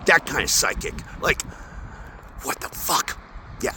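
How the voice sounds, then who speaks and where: A man walking outdoors and talking into his phone in an intense, rambling spiritual monologue, swearing often and swinging between mumbles and loud outbursts. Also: on the high side, sing-song, measured pace. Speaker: vlogger. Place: outdoors near traffic, walking. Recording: outdoor phone audio with street noise.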